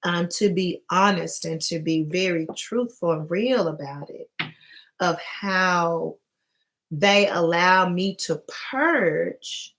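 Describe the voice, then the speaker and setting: Low-voiced woman chatting with viewers. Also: slow, fairly bright tone. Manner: loose and conversational, often addressing viewers as y'all. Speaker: spiritual vlogger and dream interpreter. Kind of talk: casual talk to camera.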